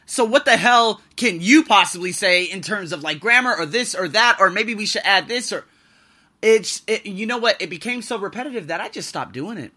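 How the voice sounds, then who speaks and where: A man with a high-sitting, sharp-toned voice and lively intonation speaks at a normal speed in a casual podcast monologue. As host and an English teacher living and working abroad, he rants bluntly about his job, swearing freely.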